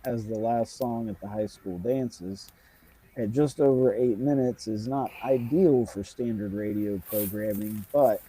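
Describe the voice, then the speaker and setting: Dark husky man reading trivia. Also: lowish voice, measured pace, rough recording. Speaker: show co-host. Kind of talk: reading music trivia in casual chat.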